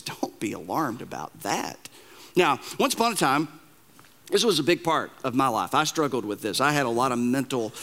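A male pastor delivers a sermon in a loose, storytelling way, joking at his own expense. He stumbles into his sentences, repeating the first words before he finds his point. His voice sits high and sounds bright and forward. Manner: conversational storytelling with self-deprecating humor; halting, repeats words when starting sentences.

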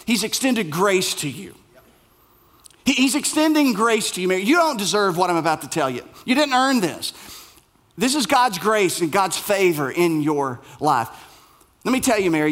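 A man's voice: high-pitched, a bit bright. A male pastor preaching a sermon in a conversational way, repeating his phrases for emphasis.

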